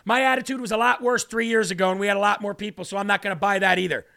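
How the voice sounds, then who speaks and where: A man's voice: high voice, fairly even intonation, very fast, creaky, pushed and bright. A man hosting a political livestream, ranting in a combative, sarcastic, scolding way. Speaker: livestream political talk host. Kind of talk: ranting live commentary.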